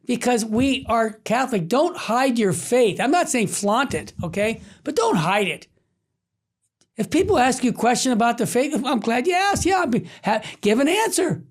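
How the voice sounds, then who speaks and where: A lively male radio host who talks on faith into a studio microphone. His pitch swings high when he gets excited, and he acts out the people in his stories with plenty of feeling. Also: moderate pace. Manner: animated storyteller, acts out quoted voices. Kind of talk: Catholic radio talk.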